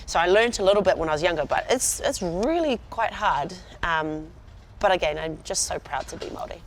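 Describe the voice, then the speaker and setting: In a relaxed interview, a thirty-something New Zealand woman who plays rugby speaks briskly in a lowish voice with lively intonation. Proud and quick to laugh, she's heard against faint background noise.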